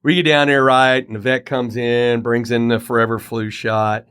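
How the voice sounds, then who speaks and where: A middle-aged man hosting a podcast, telling a casual story in an animated way and acting out the quoted lines. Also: medium pitch, normal speed, clean tone. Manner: animated anecdote teller, acts out quoted dialogue. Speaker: podcast host. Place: Colorado home.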